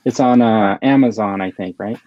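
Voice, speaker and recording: A man's voice: lowish voice, normal speed, a little mellow, dry recording. A man hosting a casual chat, rambling with many fillers and restarts. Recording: slightly dull lo-fi sound.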